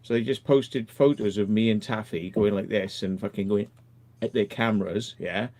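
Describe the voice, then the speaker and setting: A man's voice: fairly low pitch, moderate pace, darkish tone. Tired, rambling man on a livestream. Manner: rambling, swears freely, tired. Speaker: live stream host. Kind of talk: casual chat on a live stream.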